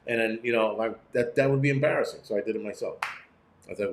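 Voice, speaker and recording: A man's voice: fairly low pitch, quick pace, roomy sound, slight background noise. A middle-aged man hosting a prepping channel, talking in a profane, blunt, rambling livestream rant from home. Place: room at home.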